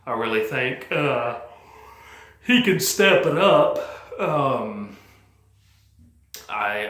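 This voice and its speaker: A sports fan vlogger records his casual post-game thoughts on his team indoors in a cold house, his fairly low, sharp-toned voice sounding roomy. He rambles in plain speech packed with fillers.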